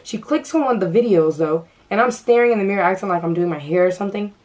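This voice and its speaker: A woman's voice: mid-range voice, quick pace, a little mellow, poor audio. A young woman vlogger telling a story to camera, casual and nervous, stuttering and restarting often. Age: young adult.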